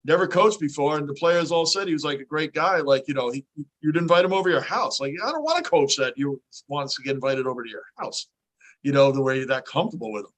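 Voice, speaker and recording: A man's voice: on the high side, fast. A man co-hosting a podcast, chatting casually about sports and acting out coaches' quotes. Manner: animated, acts out coaches' quotes. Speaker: podcast co-host.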